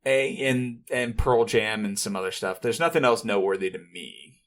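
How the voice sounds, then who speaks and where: Man stumbling through a list of names. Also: lowish voice. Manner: halting, stumbles over names. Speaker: podcast co-host. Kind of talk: casual chat, reading out a list.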